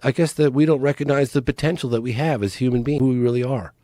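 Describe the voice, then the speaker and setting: A man's voice: mid-range voice, fast talker, dark tone. A man speaks as a podcast guest, earnest and urgent, in a mid-range voice. The sound is dry and close to the mic, with no room echo. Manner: earnest, urgent, pleading appeals. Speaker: podcast guest, documentary filmmaker. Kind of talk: casual interview talk.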